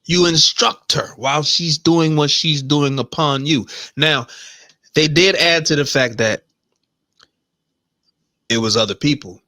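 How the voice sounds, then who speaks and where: A man's voice: fairly high pitch, unhurried, pauses often, bright, forceful tone, dry recording. A man co-hosting a casual podcast, talking bluntly and joking, often laughing. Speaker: podcast co-host. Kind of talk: casual reaction talk.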